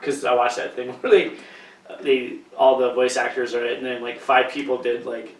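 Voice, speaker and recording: A man's voice: mid-range voice, little pitch movement, normal speed. A man co-hosting a podcast who rambles and swears a lot in casual chat. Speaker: podcast co-host. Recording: echoey room, mic from a distance.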